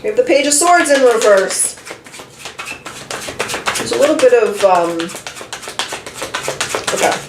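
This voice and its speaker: A woman's voice: a little high, expressive, measured pace, long pauses. A woman giving a casual tarot reading, chatty and candid, thinking aloud as she draws each card. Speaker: tarot reader. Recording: roomy, distant from the mic, faint noise.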